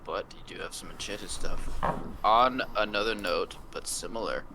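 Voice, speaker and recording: A man's voice: fairly low pitch, normal speed, noisy background. A man playing a tabletop game, joking and chatty. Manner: joking, talkative. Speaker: player. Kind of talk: casual tabletop play.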